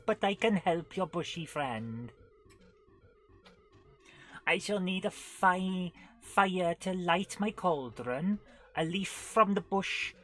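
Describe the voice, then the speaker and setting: A woman voicing an old witch in a video game, with a deliberately poor put-on Welsh accent and slow, drawn-out, theatrical delivery. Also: medium pitch, a bit bright, voice pushed up. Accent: put-on, poor Welsh imitation. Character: old female witch with a mangled Welsh lilt.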